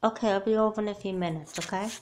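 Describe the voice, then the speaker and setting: A woman's voice: medium pitch, fairly even intonation, very fast, natural voice. A woman voicing a talkative, caring, religious young girl doll in a homemade doll movie, who asks question after question. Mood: curious.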